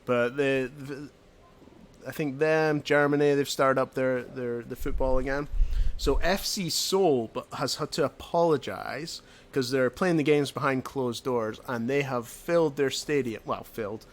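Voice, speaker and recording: A man of middle pitch presents a news story on a casual podcast. He jokes and teases with quick asides. His tone is relaxed and chatty. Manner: jokey, teasing, quick asides. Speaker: podcast co-host. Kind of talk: casual chat.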